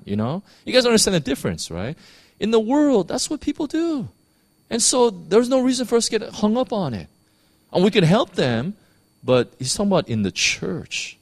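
A man from the United States, a pastor, preaching a sermon in a conversational, animated way with many restarts. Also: on the high side, brisk, no room sound.

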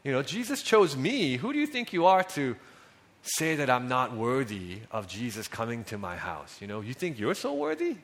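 A man voicing a bitter, defensive rich man in a sermon, answering with sharp, indignant retorts. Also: mid-range voice, wildly swooping pitch, moderate pace, voice pushed down.

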